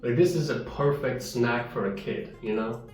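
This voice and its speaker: Speaking at medium pitch and moderate speed, a vlogger reviews chocolate in a loose, rambling chat, sometimes with his mouth full. Soft guitar music plays behind him in a very echoey room, the mic placed far away.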